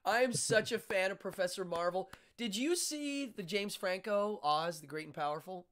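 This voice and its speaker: A man hosting a casual interview chat, telling stories in an animated, excitable way. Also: sits high, moderate pace, slight background noise. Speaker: host.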